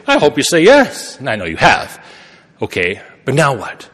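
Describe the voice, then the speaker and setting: A man's voice: mid-range voice, huge pitch swings, normal speed, a bit bright. A man preaching a sermon in a conversational way, correcting himself and laughing at his own remarks. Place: church. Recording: long reverb of a church hall.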